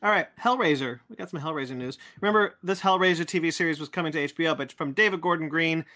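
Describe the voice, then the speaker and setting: A man's voice: fairly high pitch, fast talker, pushed and bright. A man hosting a casual pop-culture chat, reading out news items in a loose, chatty way. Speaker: podcast host reading news.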